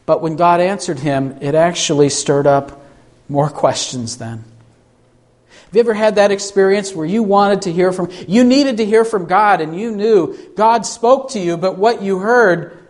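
A man preaching a sermon, slow and emphatic, pleading through rhetorical questions. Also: high voice, lively intonation. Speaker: pastor.

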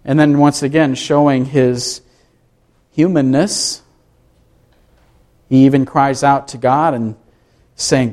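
Male pastor, slow and emphatic, questions his congregation in a sermon. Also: mid-range voice, steady tone, darkish tone.

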